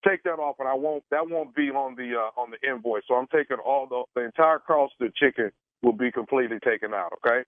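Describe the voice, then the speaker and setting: A man making a prank phone call for a radio show, halting and stammering with many fillers. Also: mid-range voice, no room sound. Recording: dry tinny phone line.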